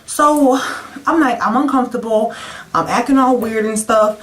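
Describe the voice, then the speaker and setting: A woman in her twenties telling a personal story to camera in a chatty, animated way, with many "like" fillers and sudden high jumps when quoting herself. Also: moderate pace, a little hiss or hum. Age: 20s. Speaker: vlogger.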